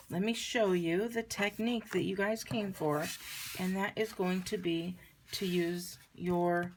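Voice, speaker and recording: A woman with a lowish, gravelly voice walks viewers through a card-making project at an unhurried pace. She chats casually as she works, with a little hiss of noise behind her. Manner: chatty, relaxed, talks while working. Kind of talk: crafting tutorial demonstration.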